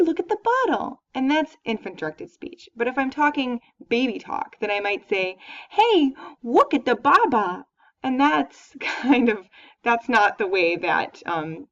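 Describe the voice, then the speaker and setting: Female professor, conversational lecture, picked up from afar on a muffled recording. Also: mid-range voice. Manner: explanatory, conversational, with fillers. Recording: dull, distant lecture recording.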